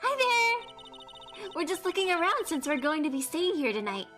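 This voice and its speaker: A woman voicing an excitable, playful young woman sidekick from a game, reading the lines aloud with bright eagerness. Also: very high voice, moderate pace, pitched above the performer's own voice, full character voice. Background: game music.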